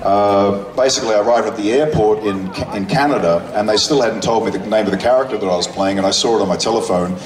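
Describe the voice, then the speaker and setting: A man's voice: lowish voice, fast, few pauses. A male actor on stage at a convention, telling stories to the audience in long, reflective sentences with restarts. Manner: thoughtful, speaks in long winding sentences with restarts. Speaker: actor guest at a convention panel. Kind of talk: reflective storytelling to a live audience. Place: stage at an outdoor convention in the sun. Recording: echoey, distant, with crowd noise. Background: crowd of fans.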